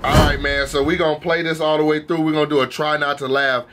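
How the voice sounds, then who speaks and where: A man's voice: a little high, level tone, quick pace, fairly bright tone. A young man hosting a reaction video, talking in a hyped, slangy, casual way and repeating himself.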